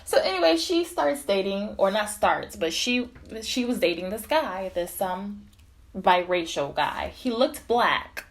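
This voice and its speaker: A young woman tells a casual storytime tale in an animated, profane way. Her pitch swings widely as she talks, and she laughs often between phrases. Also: measured pace.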